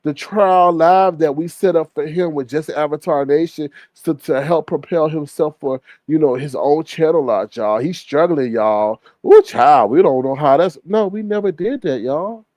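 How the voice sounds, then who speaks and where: A man's voice: a little high, moderate pace, hardly any pauses, a little mellow, no room sound. A man hosting a livestream, chatting casually and gossiping in a sassy way while reading the chat. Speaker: livestream host.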